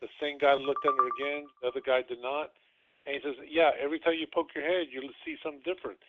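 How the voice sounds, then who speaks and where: A man's voice: fairly high pitch, steady tone, fast talker, heavy background noise. A man hosting a podcast, telling a long story in a casual, rambling way and acting out what people said. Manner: rambling retelling, acting out quotes. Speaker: podcast host. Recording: tinny phone-like sound.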